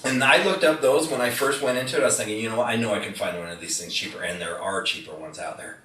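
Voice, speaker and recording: Quick-paced and on the low side, with a slightly bright tone, a man leads a live product demo before an audience indoors. He tells folksy stories and quizzes the listeners. The room is echoey, the mic distant, and there is faint noise.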